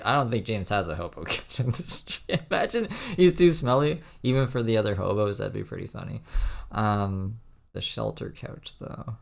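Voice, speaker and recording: A man's voice: fairly low pitch, gravelly. A man giving profane, sarcastic commentary on a clip he is reacting to. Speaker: commentary streamer. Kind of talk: mocking commentary.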